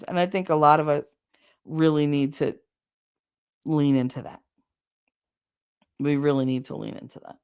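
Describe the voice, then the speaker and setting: A middle-aged woman with a low, gravelly voice talks casually to a live-stream audience. Her tone is candid and wry, and she slips in blunt sarcastic asides as she vents. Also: moderate pace, long pauses, darkish tone. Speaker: streamer hosting a chat.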